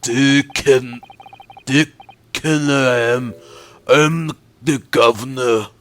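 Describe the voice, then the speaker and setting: Brief: a man playing a blustering prison governor, rough Scottish accent, menacing. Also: medium pitch, steady tone, extremely slow. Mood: gruff hostile. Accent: attempted Scottish. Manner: blustering, threatening. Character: gruff hostile male prison governor.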